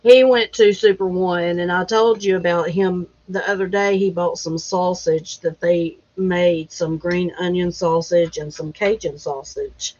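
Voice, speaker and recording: A woman hosts a relaxed livestream, greeting viewers by name and talking at an unhurried pace. She laughs easily and keeps it chatty. The stream audio is dull and lo-fi. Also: lowish voice. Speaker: livestream host. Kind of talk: casual live chat.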